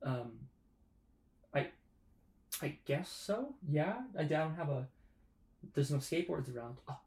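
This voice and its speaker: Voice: medium pitch, expressive, slow pace, a little mellow. A performer in an improvised comedy sketch, talking loosely and rambling with casual slang.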